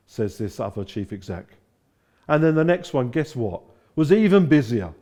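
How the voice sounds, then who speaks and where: A man's voice: mid-range voice, very animated, normal speed, dark tone. A middle-aged man from England preaching a sermon, telling stories and acting out the quotes. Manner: storytelling with acted-out quotes. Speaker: pastor.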